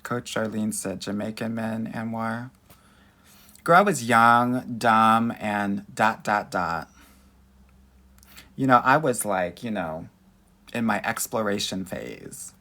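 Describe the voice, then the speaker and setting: An American man with a lowish, fairly bright voice speaks slowly as he coaches on dating during a live Q&A. He reads viewer comments aloud with sassy, flamboyant flair, calling people honey and girl.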